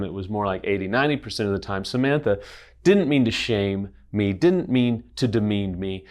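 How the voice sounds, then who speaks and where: A middle-aged man hosting, speaking earnestly to camera and telling a personal story, quoting others in dialogue. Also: medium pitch. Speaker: host. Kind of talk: direct-to-camera talk.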